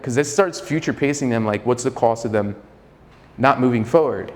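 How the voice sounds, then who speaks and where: A man's voice: mid-range voice, normal speed, darkish tone, in a large hall. A man giving a live sales training, talking casually and profanely with a slightly arrogant edge and acting out both sides of sales calls. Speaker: sales coach.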